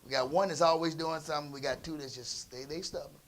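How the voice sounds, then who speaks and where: A middle-aged male pastor preaching in a folksy, conversational way, dropping into soft asides and then rising into emphatic bursts. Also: a little high, steady tone, quick pace. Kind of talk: storytelling sermon.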